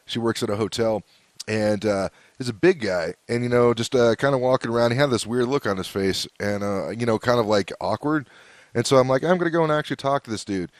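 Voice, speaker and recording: A man's voice: medium pitch, fairly quick, no room sound. A man from the United States hosting a podcast, talking in a loose, chatty way with many fillers and restarts. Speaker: podcast host. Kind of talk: casual interview chat.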